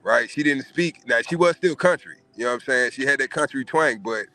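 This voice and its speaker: A man's voice: mid-range voice, brisk, sharp tone. A man hosting a casual podcast, giving emphatic, profane opinions. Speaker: podcast host.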